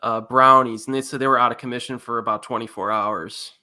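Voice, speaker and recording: A man's voice: medium pitch, steady tone, fairly quick, pushed and bright. A man in a casual chat, telling a laid-back story from his school days and laughing easily. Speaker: podcast co-host.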